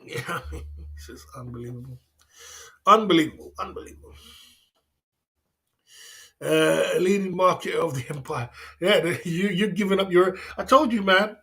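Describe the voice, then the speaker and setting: Man, livestream host, casual teasing banter, rambly, slightly high voice. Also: normal speed, fairly bright tone.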